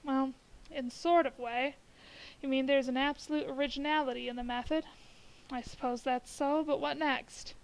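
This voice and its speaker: A woman reading the lines of a skeptical country doctor who answers briskly and dismissively. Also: high-pitched, steady tone, poor audio.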